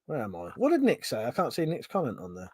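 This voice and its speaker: A man's voice: mid-range voice, wildly swooping pitch, quick pace, slightly rough, no room sound, studio quality. A British man hosting a casual livestream, reading viewers' comments aloud and bantering with loose, swearing chatter. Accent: British English. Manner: swears freely, rambling, banter with chat. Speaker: livestream host.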